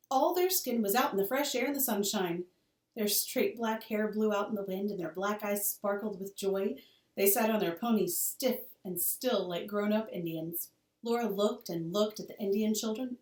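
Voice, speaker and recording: A woman teacher reads a children's novel aloud with an expressive storytelling cadence. She sits well back from the microphone in a roomy school room that echoes. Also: mid-range voice. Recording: roomy, distant mic.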